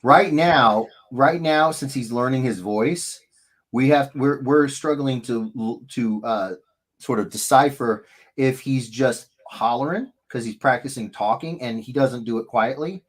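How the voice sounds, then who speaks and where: A man hosting a casual live stream, telling stories in a rambling, animated way with many restarts. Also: medium pitch, unhurried, husky. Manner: rambling, self-interrupting, animated storytelling. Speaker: livestream host. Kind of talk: casual chat.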